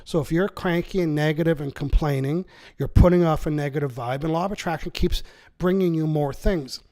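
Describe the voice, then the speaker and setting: Gravelly, persuasive male author. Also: fairly high pitch, fairly quick. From Canada. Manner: energetic, persuasive, acts out quoted speech. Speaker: author and seminar speaker. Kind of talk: enthusiastic interview explanation.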